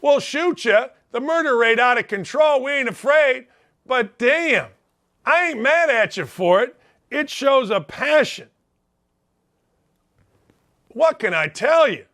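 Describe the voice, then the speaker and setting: Brief: middle-aged man, sports talk host, high forceful voice, blunt folksy ranting monologue. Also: lively intonation, slow, pauses often. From Indianapolis, United States. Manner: blunt, riled-up, folksy slang. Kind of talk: opinionated sports radio monologue.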